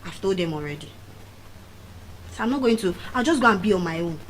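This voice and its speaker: A middle-aged woman with a Nigerian accent, giving a motivational speech as animated storytelling and repeating key phrases for emphasis. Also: lowish voice, a little fast, slight background noise, poor audio. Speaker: motivational speaker. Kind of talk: public speech.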